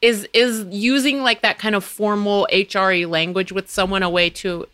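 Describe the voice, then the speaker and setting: A woman's voice: mid-range voice, fairly even intonation, normal speed, fairly bright tone, clear, resonant tone, dry recording. A woman in her thirties co-hosting a podcast, chatting casually and thinking aloud with plenty of restarts. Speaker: podcast co-host. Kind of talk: casual chat.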